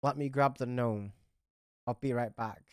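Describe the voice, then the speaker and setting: A woman doing a foul-mouthed gruff NPC. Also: rumbling low, a little slow, a little mellow, no room sound, studio quality, voice pushed down. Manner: swears constantly, gruff and blunt. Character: crude, foul-mouthed male NPC with a put-on accent.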